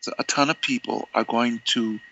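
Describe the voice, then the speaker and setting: A man, an interview guest telling animated stories and acting out the dialogue. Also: mid-range voice, normal speed, creaky, lo-fi sound, a little hiss or hum. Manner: animated, acts out quoted dialogue, many restarts. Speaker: interview guest, longtime fan. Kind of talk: conversational storytelling.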